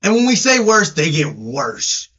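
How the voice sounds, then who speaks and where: A man with a deep Southern accent, co-hosting a podcast in a brash, teasing, casual way. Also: big pitch swings, a bit bright, slightly rough. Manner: brash, teasing, drawn-out emphasis. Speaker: podcast co-host. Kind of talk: casual sports chat. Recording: dull lo-fi audio.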